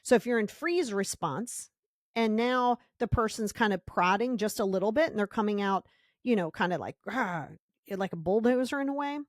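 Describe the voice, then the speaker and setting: A woman's voice: mid-range voice, moderate pace, dry recording, studio quality. A woman hosting a self-help podcast, talking emphatically, repeating key words for stress and acting out little scenes in quoted voices. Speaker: podcast host.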